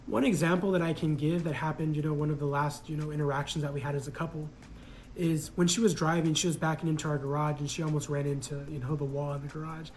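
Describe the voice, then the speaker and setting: A man's voice: on the high side, flat delivery, fast, slight background noise, poor audio. Reflective man telling his own story. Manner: reflective, hesitant, many fillers. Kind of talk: casual personal storytelling.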